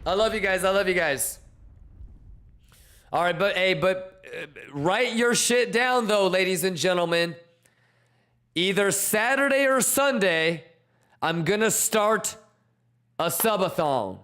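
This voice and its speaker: Man, high bright voice, unhurried, casual livestream chat, slangy hyped shout-outs. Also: expressive. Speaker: crypto trading streamer.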